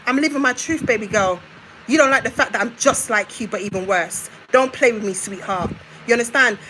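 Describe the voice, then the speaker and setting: Young woman ranting on a live stream, bright sharp voice, confrontational, keeps repeating herself, slightly high. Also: a little fast, slight background noise, rough recording. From United Kingdom. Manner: confrontational, emphatic, repeats her points. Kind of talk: heated live-stream rant.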